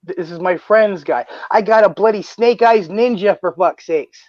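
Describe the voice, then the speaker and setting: A man hosting a casual livestream, who talks with excitement, swears often and restarts his sentences. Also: high-pitched, moderate pace, dry recording. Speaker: stream host. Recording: dull lo-fi stream audio.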